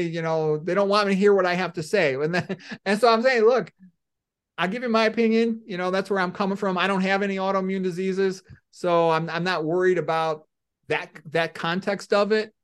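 A middle-aged man, a doctor, giving blunt, animated opinions in an interview and acting out little scenes. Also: sits high, brisk, clean tone. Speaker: medical doctor guest.

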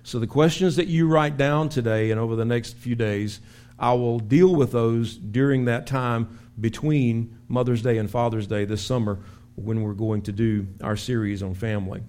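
A man preaching a sermon as pastor in a church, telling stories with lively acted-out shouts. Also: medium pitch, moderate pace. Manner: animated storytelling with acted-out shouts. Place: church sanctuary.

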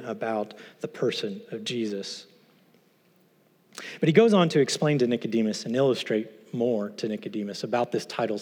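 A man teaching through a Bible passage, earnest and emphatic, posing rhetorical questions to his listeners. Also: medium pitch. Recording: long hall reverb.

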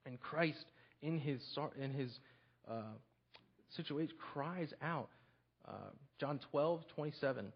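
A man preaching a sermon in an earnest, halting way, often restarting and repeating his words. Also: fairly high pitch, breathy edge, lo-fi sound. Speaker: pastor.

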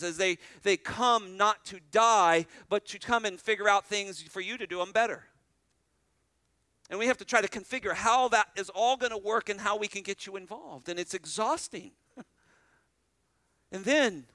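A man delivers a sermon from the pulpit, animated and earnest, doubling back on his words as he presses each point. His voice is bright and forceful, sitting a little high for a man. The sound is close and dry, with no room around it. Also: smooth, dry recording. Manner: animated preaching, restarts and repeats phrases, laughs between points. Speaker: pastor.

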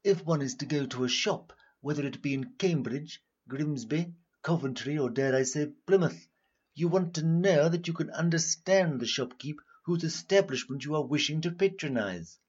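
An actor playing a pompous, haughty professor. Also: male voice, fairly high pitch, normal speed, slightly rough, highs cut off. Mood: lofty. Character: pompous posh male linguistics professor.

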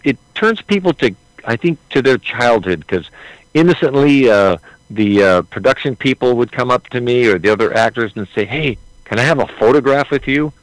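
A man's voice: medium pitch, animated, normal speed, no room sound, low-quality recording. A man being interviewed about playing a historical figure, answering earnestly with hesitant restarts. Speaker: actor portraying Lincoln, interview guest.

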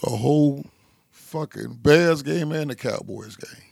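A man's voice: fairly high pitch, a little slow, creaky, a little mellow, no room sound, clean studio sound. A man chatting on a podcast, telling swaggering, crude stories and laughing often. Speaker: barber and podcast regular. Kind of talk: casual crude podcast banter.

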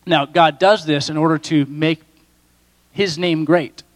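A pastor delivering a sermon in a lively, conversational way with playful voiced asides. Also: male voice, on the high side, a little slow. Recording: reverberant hall.

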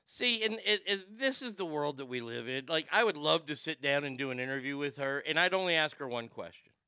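High-voiced ranting man, crisp and dry. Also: animated, brisk, sharp tone, dry recording. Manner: profane, ranting, reads chat comments aloud. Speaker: talk show host. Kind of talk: casual live-stream rant.

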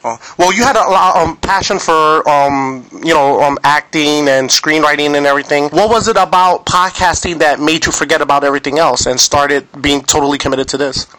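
A man with a New York accent hosting a podcast interview, fast and energetic. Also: fairly high pitch, no echo, rough recording. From New York City. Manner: fast, energetic and aggressive-sounding. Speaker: podcast host. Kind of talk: casual interview.

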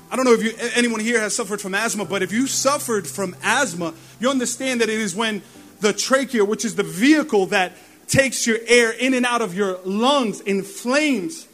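A male pastor preaching a sermon in a church, telling animated stories and laughing at himself. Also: very high voice.

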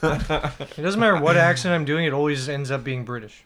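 A man's voice: a little high, normal speed, a bit bright. A man co-hosting a comedy podcast, wisecracking and laughing in casual chat. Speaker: podcast co-host.

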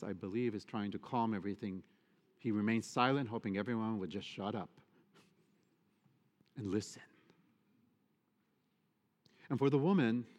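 A male priest giving a sermon, expressive and emphatic, often asking the congregation rhetorical questions. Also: medium pitch. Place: church. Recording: long church reverb.

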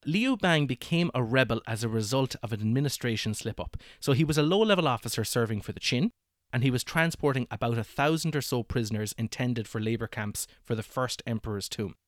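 Animated man telling a history story. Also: medium pitch, fairly quick, no room sound, clean studio sound. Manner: animated, laughs often, acts out quotes. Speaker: podcast host telling history. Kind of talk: casual storytelling chat.

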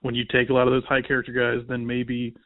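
A man's voice: medium pitch, monotone, fast, no room sound. A man, a guest on a podcast, giving easygoing, conversational sports analysis. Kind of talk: casual sports chat. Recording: tinny phone line, dry.

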